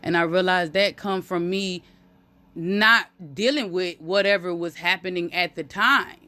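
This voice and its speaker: A woman's voice: lowish voice, pushed and bright. A woman talking candidly on a live stream into a phone. She speaks openly and profanely and repeats phrases for emphasis. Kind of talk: heartfelt live-stream monologue.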